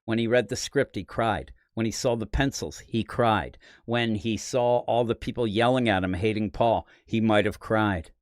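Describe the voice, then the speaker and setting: The host of a comics podcast, a man from the Philadelphia area, USA, gives a casual preview of the week's comics in a lowish voice at a moderate pace with few pauses. He rambles, offers strong opinions, and makes animated asides. The studio-quality recording has no room sound.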